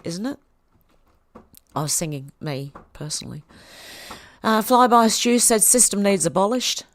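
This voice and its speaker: A woman's voice: medium pitch, no echo. Australian woman reading out live chat. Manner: chatty, reads comments aloud and answers them with small laughs. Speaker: livestream host. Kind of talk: livestream reading out chat comments.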